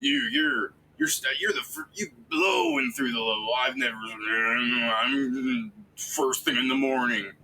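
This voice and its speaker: A man voicing a drunk male dwarf adventurer who slurs and stammers with excited admiration. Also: mid-range voice, slow, slight background noise, exaggerated voice, low-quality recording. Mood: drunk admiring.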